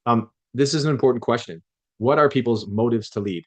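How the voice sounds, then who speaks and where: Fast-talking man giving a classroom lecture. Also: mid-range voice. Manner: conversational, with frequent restarts and acted-out quotes. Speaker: leadership lecturer.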